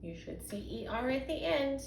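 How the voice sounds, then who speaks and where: A young woman teacher gives a phonics lesson from home to young children, patiently sounding out words slowly in a sing-song way. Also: sits high, lively intonation, vocal fry. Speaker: kindergarten and first grade teacher. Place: home, indoors. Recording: echoey room with faint background hum.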